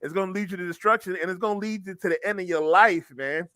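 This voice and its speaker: Bright high guy cohost, lectures w lots of restarts, dry sound. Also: quick pace, no echo. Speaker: podcast co-host. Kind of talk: casual commentary chat.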